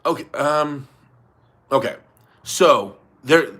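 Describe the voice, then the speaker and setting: A man's voice: medium pitch, a little fast, sharp tone. A young man hosting a livestream, reading super chats in loose casual chat, swearing and laughing often.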